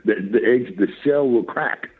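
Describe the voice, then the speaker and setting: An older man on a phone call as a talk guest, talking in a lively, preacherly way and laughing often. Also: mid-range voice, normal speed. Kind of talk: casual chat. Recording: tinny phone line.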